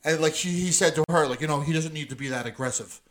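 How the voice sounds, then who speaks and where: A man's voice: on the high side, fast, fairly bright tone. A middle-aged man telling heated, profane stories in a casual chat, acting out the people in them. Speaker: podcast co-host.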